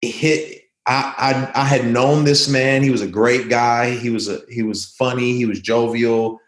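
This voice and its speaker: A man's voice: medium pitch, fairly even intonation, measured pace. Earnest man in an echoey room. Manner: earnest, reflective storyteller. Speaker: guest. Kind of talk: conversational interview.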